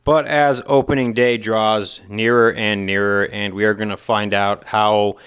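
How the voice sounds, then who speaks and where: A young man gives his views in a long, rambling monologue, earnest and full of small fillers. His voice sits a little low and sounds smooth and clean. He mentions along the way that he has the hiccups. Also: little pitch movement, unhurried, a bit bright. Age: young adult. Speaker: gaming commentator. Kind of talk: opinion monologue.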